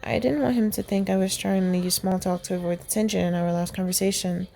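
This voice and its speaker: A woman's voice: medium pitch, fairly even intonation, fast talker, creaky, warm tone. A young woman reading a fan story aloud, voicing the characters in her own voice and laughing and commenting along the way. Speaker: fan fiction reader.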